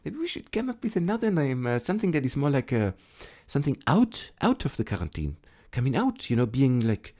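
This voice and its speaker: A man voicing a hesitant male French game executive with a put-on French accent, talking haltingly with lots of fillers. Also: medium pitch, huge pitch swings, mellow, pitched above the performer's own voice.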